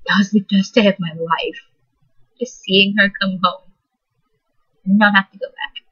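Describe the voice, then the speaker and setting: A teenage girl telling a personal story in a soft, halting, emotional way. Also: mid-range voice, steady tone, husky. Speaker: vlogger. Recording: dull lo-fi recording.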